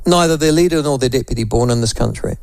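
Hosting talkback radio, this middle-aged New Zealander speaks quickly in a mid-range, gravelly, darkish voice. He's blunt and opinionated, rambling with sardonic asides. The recording has no echo.

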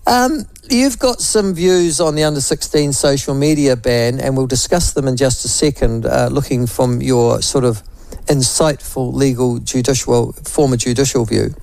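A man's voice: medium pitch, normal speed, creaky, a little mellow, dry recording. A middle-aged man with a New Zealand accent hosting talkback radio, blunt and rambling with sardonic asides. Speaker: talk radio host. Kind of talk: opinionated talkback radio chat.

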